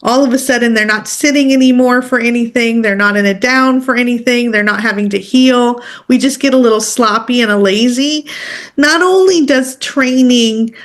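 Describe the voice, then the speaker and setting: A woman's voice: a little high, normal speed. A woman leading a workshop as an animal communicator, teaching in a direct, conversational way and checking in often with her listeners.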